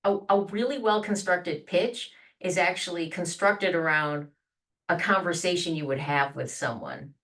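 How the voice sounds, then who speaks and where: A woman's voice: lowish voice, lively intonation, unhurried, fairly bright tone, distant mic. A woman guest on a podcast explaining how to introduce yourself, acting out sample lines with many restarts. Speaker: branding and communications guest. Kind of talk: conversational podcast interview.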